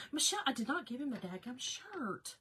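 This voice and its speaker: A woman's voice: high-pitched, fairly bright tone, a little hiss or hum. A woman hosting a casual live crafting chat, talking to viewers by name and laughing often. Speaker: craft livestream host.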